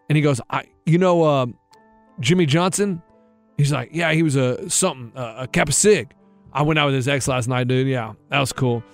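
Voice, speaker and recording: A man's voice: brisk, dry recording, faint music behind. A man co-hosting a casual podcast, retelling an overheard conversation and dropping his voice to mimic the people in it. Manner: retells overheard talk with lowered-voice impressions. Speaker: podcast co-host. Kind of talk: casual chat, storytelling.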